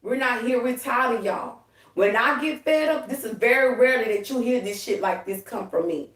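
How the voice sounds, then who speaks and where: A woman's voice: fairly high pitch, normal speed, a bit bright. A woman hosting a spiritual livestream in a heated, profane, preachy way. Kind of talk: casual spiritual livestream talk. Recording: echoey room, a bit far from the mic.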